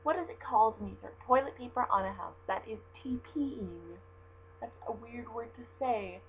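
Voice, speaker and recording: A woman's voice: fairly high pitch, moderate pace. A young woman from Southern California with a Southern Californian accent, reading a word list in a casual home vlog, chatty and self-deprecating with frequent ums. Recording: dull lo-fi webcam audio with faint mains hum.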